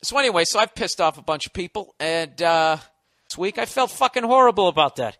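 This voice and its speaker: A man's voice: high-pitched, lively intonation, fairly quick, fairly bright tone, dry recording, clean studio sound. A man in his forties hosting a podcast alone, ranting sarcastically with lots of profanity and mock outrage. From United States. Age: 40s. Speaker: podcast host. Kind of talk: sarcastic solo podcast rant.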